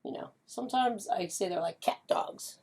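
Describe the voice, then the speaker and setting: A woman's voice: mid-range voice, moderate pace, a little mellow, slightly rough. A woman chatting her way through a casual watercolor painting demonstration, upbeat and full of fillers, humming little tunes as she works. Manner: chatty and upbeat, with frequent fillers and hummed doo-doo sounds. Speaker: pet portrait artist and painting instructor.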